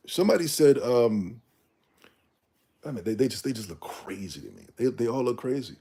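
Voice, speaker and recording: Man, livestream host, casual rant, blunt slang, dark husky tone. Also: mid-range voice, lively intonation, moderate pace. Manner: blunt slangy opinionated ranting. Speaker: streamer.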